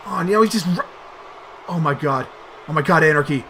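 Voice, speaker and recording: A man doing excited play-by-play commentary over a wrestling video game, bursting into shouted exclamations. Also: a little high, fairly quick, pauses often, slight background noise.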